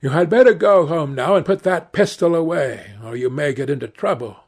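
A man voicing a cornered young gentleman who turns cold and triumphant, his voice raised and strained. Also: fairly high pitch, brisk, breathy edge.

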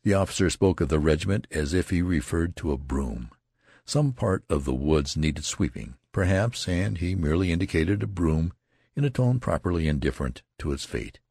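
A man reading a classic novel aloud as an audiobook narrator, expressive and unhurried. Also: low-pitched, vocal fry, slightly rough, dry recording, studio quality.

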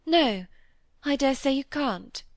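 A woman reading aloud, voicing a troubled, secretive young woman in an old novel who speaks quickly and emphatically. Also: fairly high pitch, expressive, no echo, natural voice.

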